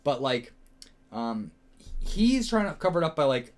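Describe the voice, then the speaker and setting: A man with a slightly higher voice talks through a reaction video. He rambles, stops to question himself, and leans on fillers and the odd swear. It has the loose feel of casual solo commentary. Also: big pitch swings, unhurried, long pauses.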